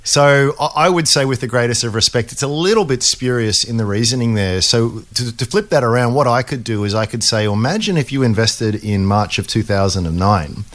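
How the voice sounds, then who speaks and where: An Australian man co-hosting a podcast, explaining share market ideas in a relaxed, conversational way with frequent restarts. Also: mid-range voice, a little fast, few pauses. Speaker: podcast co-host, investing analyst. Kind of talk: casual finance podcast chat.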